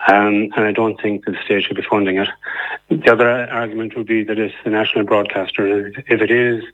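An Irish man calling in to a radio phone-in and arguing his point earnestly at length, with many pauses and fillers. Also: fairly low pitch, level tone. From Ireland. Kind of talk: call-in debate. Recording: tinny phone line.

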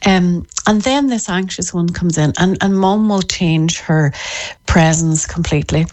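Low-voiced woman, animated. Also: unhurried. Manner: animated, acts out parents' voices. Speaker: parenting author. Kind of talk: podcast interview.

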